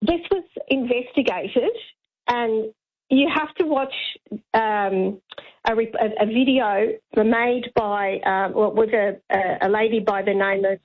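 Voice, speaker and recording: A woman's voice: on the high side, fairly even intonation, measured pace. A woman calling in to a talk radio show, speaking earnestly with some hesitation. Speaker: caller. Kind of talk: phone-in call. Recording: tinny phone line.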